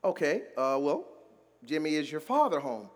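Brief: pastor voicing a puzzled telemarketer, hesitant and polite, reverberant hall. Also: male voice, fairly high pitch, very animated, moderate pace, voice pushed down. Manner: hesitant, polite, lots of ums. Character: puzzled adult male telemarketer.

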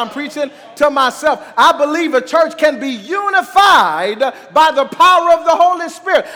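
A man preaching a sermon as pastor, calling on the congregation to answer back and swinging between quiet talk and shouting. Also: extremely high pitch, long reverb tail.

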